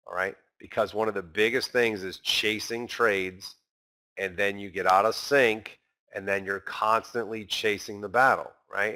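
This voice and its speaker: A man's voice: on the low side, pushed and bright. A man teaching a trading session in a conversational way, peppering his points with tag questions and acting out frustrated traders. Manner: conversational, constant tag questions like right and okay; acts out frustrated traders' inner voices. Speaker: trading instructor.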